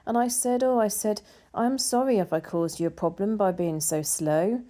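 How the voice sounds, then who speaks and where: A woman's voice: medium pitch, normal speed, warm tone. A woman telling a story in a casual vlog, chatty and full of quoted dialogue. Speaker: vlogger.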